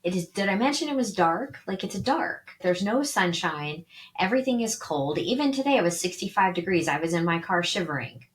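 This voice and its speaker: A woman's voice: mid-range voice, lively intonation, fairly quick. A woman co-hosting a podcast in casual chat, blunt and dryly teasing. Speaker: podcast co-host.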